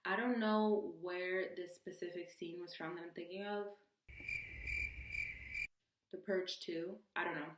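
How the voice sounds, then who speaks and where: A young adult woman telling a storytime vlog with expressive, animated delivery and acted-out quotes. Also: lowish voice, measured pace, pauses often, roomy sound. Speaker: vlogger.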